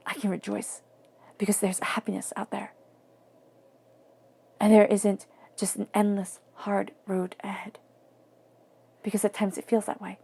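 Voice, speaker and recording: A woman giving a tarot reading in a soft, flowing, reflective way, sometimes dropping to near-whispers. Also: medium pitch, flat delivery, a little slow, vocal fry, long pauses, husky. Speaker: tarot reader.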